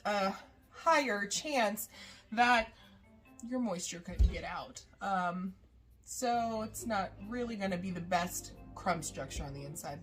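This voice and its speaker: Chatty woman demonstrating a recipe. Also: medium pitch. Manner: chatty, rambling, lots of "uh" and laughs. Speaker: baking vlogger. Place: home kitchen.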